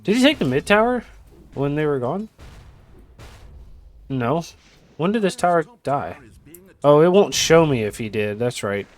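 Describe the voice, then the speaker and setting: High-voiced rambling male game caster. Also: sing-song, a little slow, pauses often. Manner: rambling, joking asides, lots of "you know". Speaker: esports caster. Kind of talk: casual game commentary.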